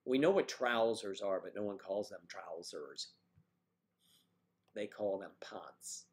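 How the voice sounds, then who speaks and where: A man's voice: on the low side, a little slow. A man with a mid-Atlantic American accent hosting a casual livestream chat, rambling and playful as he tries out other accents. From mid-Atlantic United States. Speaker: livestream host.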